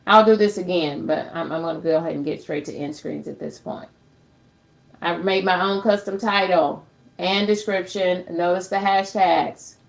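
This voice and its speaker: Here the livestream host's voice is fairly low with vocal fry, keeping an even intonation at a moderate pace. She runs a casual tutorial stream, upbeat and chatty, treating viewers as friends and calling herself by name in the third person.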